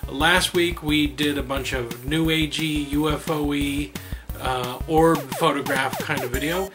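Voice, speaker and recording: A man's voice: on the high side, steady tone, measured pace, music in the background. A man hosting a comedy show, delivering casual announcements with many fillers and restarts. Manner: rambling, filler-heavy delivery. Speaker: host.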